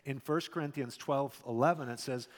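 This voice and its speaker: Male pastor, conversational sermon, swings loud then soft, mid-pitched voice, long hall echo. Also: normal speed. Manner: conversational preaching, shifts between loud emphasis and quiet asides.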